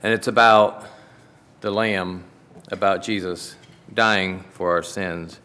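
Low-voiced pastor in a reverberant hall. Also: male voice, fairly even intonation, takes it slowly, sharp tone. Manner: earnest, dramatic storybook reading. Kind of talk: sermon with a read-aloud Bible story.

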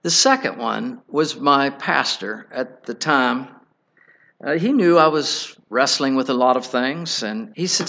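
A middle-aged man preaching a sermon, telling a personal story in an earnest, halting way with many restarts. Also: on the high side, very animated, fairly bright tone.

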